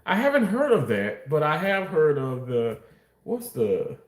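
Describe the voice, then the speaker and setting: Guy on a livestream reading chat out loud, crude jokes, voice jumps way up when he protests, echoey room. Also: fairly high pitch, wildly swooping pitch, unhurried. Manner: crude joking, mock-innocent protests. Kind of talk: live stream, reading chat aloud. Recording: roomy echo.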